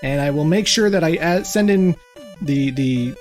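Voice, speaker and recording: A chatty, jokey podcast host talking games with a co-host, laughing easily between points. The voice sits at an ordinary middle pitch. Soft music plays faintly underneath. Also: moderate pace. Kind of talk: casual gaming podcast chat.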